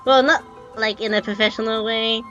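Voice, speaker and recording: A woman's voice: a little high, steady tone, normal speed, bright, forceful tone, lo-fi sound, soft background music. A young woman streaming a game, chatting casually in a rambling, hesitant way with lots of fillers. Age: young adult.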